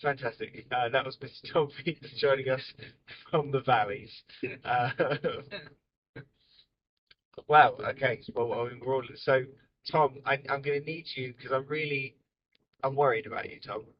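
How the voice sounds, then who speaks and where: A man in the middle pitch range hosts a casual chat from inside a car. He is jokey and rambling and laughs often. The audio is dull and lo-fi. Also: a little slow, long pauses. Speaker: podcast host.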